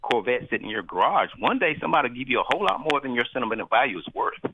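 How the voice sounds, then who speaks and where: A man calling in to a sports talk show, nasal from sinus trouble, rambling with halting restarts. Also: mid-range voice, big pitch swings, background noise. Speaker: caller. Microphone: phone. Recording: tinny phone line.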